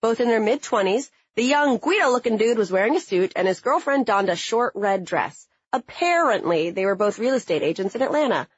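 A young adult woman telling a funny personal story in a sarcastic, blunt and animated way. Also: a little high, slightly rough, dry recording, highs cut off. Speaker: narrator.

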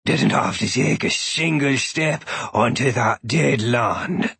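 A man voicing a gruff, coarse old male archdruid with a deep, growly voice and blunt, clipped speech. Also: takes it slowly, fairly bright tone, no room sound, full character voice.

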